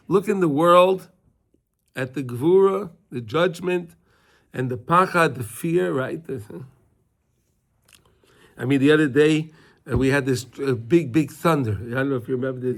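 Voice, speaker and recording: A man's voice: mid-range voice, normal speed, pauses often. A man teaching a casual Torah class to students, talking conversationally and repeating himself, often checking in with "right?".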